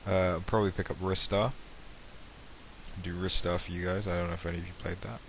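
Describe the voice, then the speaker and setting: A man's voice: low voice, level tone, fairly quick, creaky, slight background noise, rough recording. A young man from the English Midlands with a Midlands accent, hosting a casual gaming channel intro in a rambling, self-mocking way with lots of hesitations. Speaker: let's play channel host.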